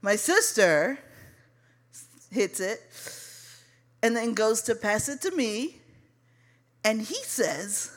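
A woman from Chicago telling a personal story to listeners, loose and profane. Her voice sits fairly high and leaps all over the place. She talks straight to them and calls them y'all. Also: expressive, takes it slowly, long pauses.

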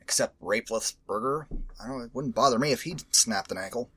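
A man hosting a podcast in casual chat, rambling, animated and profane. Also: mid-range voice, a little fast, husky. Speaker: podcast host.

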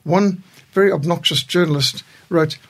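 A man's voice: fairly high pitch, normal speed, fairly bright tone. A man in his sixties, a studio guest, telling stories in a reflective conversation and chuckling through his anecdotes.

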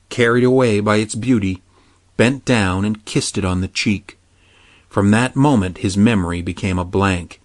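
A man reads a fairy tale aloud with steady, measured pacing. His voice sits low. The recording is dry and close, with no room sound. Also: no echo. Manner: measured, even storytelling. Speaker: narrator. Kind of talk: storybook reading.

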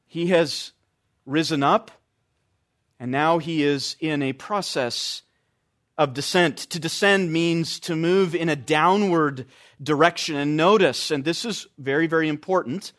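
A man's voice: a little high, a little slow, fairly bright tone. A man preaching an expository sermon, stressing key phrases by repeating them.

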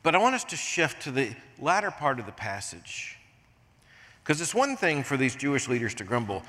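An older American man preaching a sermon as pastor, swinging from hushed asides to emphatic points. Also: mid-range voice, very animated, moderate pace. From United States. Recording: long reverb of a large hall.

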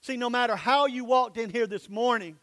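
Man, high voice, pastor, sermon, emphatic preaching, quiet asides, church. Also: fairly quick. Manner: emphatic preaching, drops to soft low asides.

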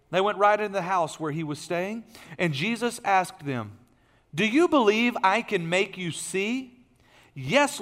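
A man preaching a sermon, telling a story in an animated way and swinging from loud, excited passages to hushed ones. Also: medium pitch. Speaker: pastor.

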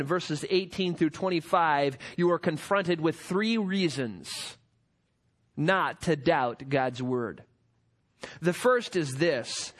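Guy pastor preaching, kinda high voice, leans hard on the key words, asks the crowd questions. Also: a bit bright. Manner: emphatic, rhetorical questions. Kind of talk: sermon.

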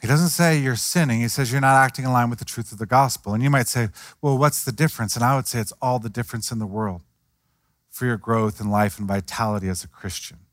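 A man's voice: medium pitch, fairly even intonation, fast talker, no room sound, clean studio sound. A man preaching a sermon in a conversational way, acting out the voices of the people he quotes. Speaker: pastor.

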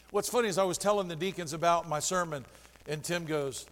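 High-voiced animated preacher in a reverberant hall. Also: male voice, a little fast. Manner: animated, swings from hushed to shouting. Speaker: pastor. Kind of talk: sermon. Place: church sanctuary. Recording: long reverb of a church hall.

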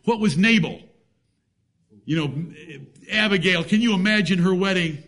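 A man's voice: high voice, normal speed, fairly bright tone. A man preaching a sermon, emphatic, with rhetorical questions and folksy jokes.

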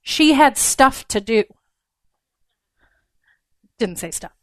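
A woman preaches to a gathering of women in a frank, down-to-earth way, with blunt humor. Her voice sits a little high. The sound is dry and close. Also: animated, slow, a bit bright, no room sound. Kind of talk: conversational sermon.

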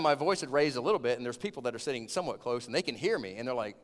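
A man, preaching a sermon as a lively storyteller who gets loud when retelling scenes. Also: medium pitch, racing. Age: 20s. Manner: storytelling, animated, rising to shouts in retold scenes. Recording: long hall reverb.

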